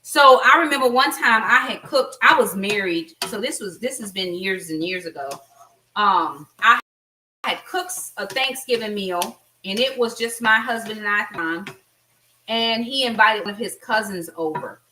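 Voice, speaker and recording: A woman's voice: mid-range voice, normal speed, pushed and bright, slight background noise. A middle-aged American woman chatting while she cooks in her home kitchen, giving blunt, friendly advice to her viewers. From United States. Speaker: cooking vlogger. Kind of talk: casual cooking vlog. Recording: voice a bit far from mic.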